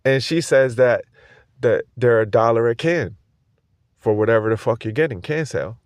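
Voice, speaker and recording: A man's voice: medium pitch, moderate pace, clear, resonant tone, no echo. Rambling, swearing man. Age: adult with a school-age kid. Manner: rambling, swears freely, laughs often. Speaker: podcast host. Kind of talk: casual profane monologue.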